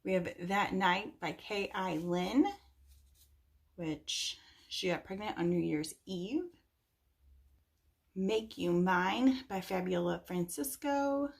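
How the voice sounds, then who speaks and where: A woman's voice: fairly low pitch, slow pace, creaky, pauses often. A young woman chatting casually about books she recommends, rambling a little with lots of fillers. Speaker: book reviewer. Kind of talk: casual chat.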